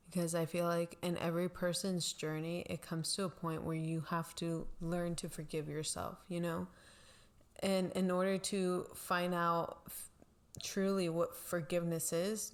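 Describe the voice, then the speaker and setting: A woman co-hosting a casual faith chat, reflecting and encouraging her sister, with a habit of saying "you know". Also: on the low side. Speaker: co-host sister.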